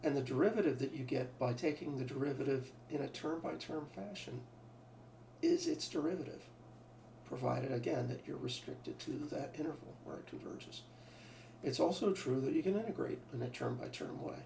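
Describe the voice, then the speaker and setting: Gravelly-voiced man lecturing in a roomy space. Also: mid-range voice, fairly quick, mellow. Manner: thinking aloud, restarts, asks rhetorical questions. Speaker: math teacher. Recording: roomy sound from a distant mic, faint background hum.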